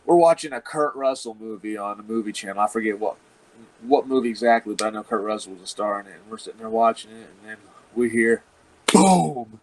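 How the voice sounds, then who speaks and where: A man's voice: fairly low pitch, fairly quick, poor audio. A man, a wrestler, telling a rambling, profane story in casual chat and laughing often. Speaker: professional wrestler guest.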